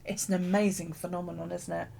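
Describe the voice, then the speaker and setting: A woman's voice: on the low side, little pitch movement, fast, vocal fry, warm tone, a little hiss or hum. A British woman hosting a live stream from her craft desk at home, rambling casually with viewers and swearing freely. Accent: British English. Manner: chatty, swears casually, frequent ums and laughs.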